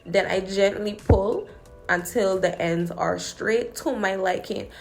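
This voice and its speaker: A woman's voice: mid-range voice, slow, gravelly. A sassy woman from the Virgin Islands chats through a hair braiding tutorial. She is playful and confident and teases her viewers as she works. Faint music plays behind her. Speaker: hair braider and channel host.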